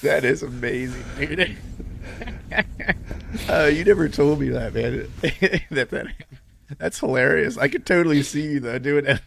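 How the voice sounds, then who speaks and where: A man's voice: a little high, a little slow, vocal fry, long pauses, fairly bright tone, slight background noise. A man as a podcast guest, chatting casually, laughing easily and talking loosely with lots of fillers. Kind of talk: casual chat.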